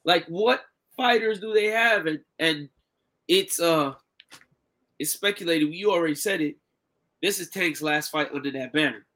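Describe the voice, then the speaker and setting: A man co-hosting a casual podcast, animated and mocking, often talking over his partner. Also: on the high side, a little slow, pauses often. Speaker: podcast co-host. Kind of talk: casual boxing chat.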